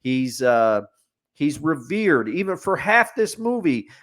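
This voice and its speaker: A man's voice: fairly high pitch, very animated, takes it slowly, fairly bright tone. A man co-hosting a podcast, giving an opinionated, rambling movie review in casual chat with fillers and restarts. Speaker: podcast co-host. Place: studio.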